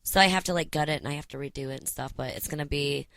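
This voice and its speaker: A woman chats breezily as a radio guest, her voice bright and a little low-pitched, often breaking into laughs. The sound is dry and close to the studio microphone. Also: very fast, gravelly, no room sound. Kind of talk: casual radio chat.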